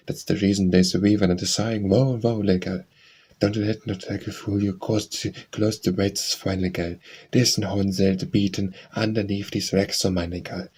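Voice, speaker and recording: Husky low-voiced man reciting verse. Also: a little mellow. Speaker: audiobook reader.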